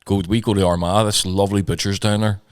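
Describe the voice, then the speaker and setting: A man's voice: lowish voice, fairly even intonation, fast talker, smooth. A man, co-hosting a podcast and telling stories in profane, laddish casual chat. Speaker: podcast co-host.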